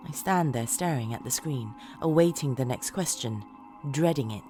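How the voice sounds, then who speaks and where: A woman narrating a first-person horror story in a dramatic, expressive way, moving between hushed lines and shouts. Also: extremely low pitch, moderate pace, music in the background.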